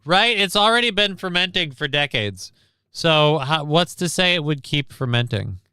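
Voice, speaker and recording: A man's voice: a little high, expressive, moderate pace, sharp tone, clear, resonant tone, dry recording, clean studio sound. A man streaming casual reaction commentary on a news clip, sarcastic and rambling, reading chat comments aloud.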